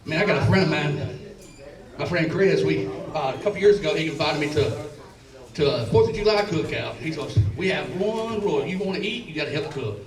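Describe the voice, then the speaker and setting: A Southern man tells stand-up stories in a club, his voice pitched high and swinging all over. He stammers, swears and chuckles through his lines. The sound is roomy and a bit distant from the mic. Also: lively intonation, brisk, faint music behind. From Alabama and Tennessee. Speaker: stand-up comedian. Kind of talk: stand-up set. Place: comedy club stage.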